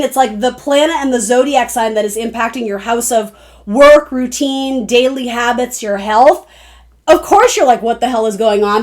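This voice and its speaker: A young adult woman giving a casual, rambling tarot reading, often breaking off and restarting her sentences. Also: fairly high pitch. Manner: rambling, chatty, self-interrupting. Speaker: tarot reader.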